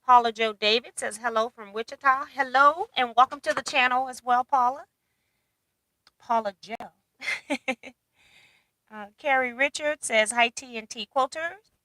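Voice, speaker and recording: A woman's voice: on the high side, a little slow, pushed and bright, no echo, poor audio. A woman hosting a casual livestream, reading out viewer comments and chatting with a laugh. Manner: chatty, laughs often, reads comments aloud. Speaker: livestream host.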